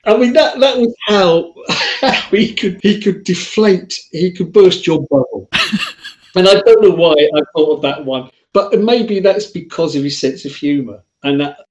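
A man's voice: sits high, measured pace, rough recording. A man chatting as a guest on a podcast, reminiscing about a friend and laughing often. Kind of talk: casual chat.

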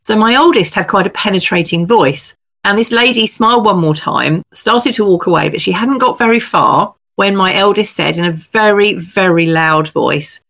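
A middle-aged woman from England, a novelist guest telling lively, self-deprecating stories in casual chat. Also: mid-range voice, moderate pace, vocal fry, hardly any pauses.

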